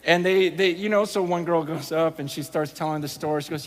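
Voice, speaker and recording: A man preaching a sermon, telling stories in an animated, conversational way and quoting other people as he goes. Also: a little high, a little fast, few pauses. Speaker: pastor. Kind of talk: sermon storytelling.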